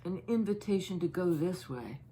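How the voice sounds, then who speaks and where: A woman giving a casual tarot reading, musing and halting as she thinks aloud over each card. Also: on the low side, animated, mellow, a little hiss or hum. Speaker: tarot reader.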